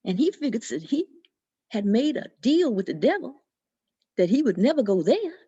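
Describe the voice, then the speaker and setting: A woman telling a folk tale in an expressive, dramatic storytelling manner. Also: fairly high pitch, normal speed, husky. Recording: dull lo-fi recording.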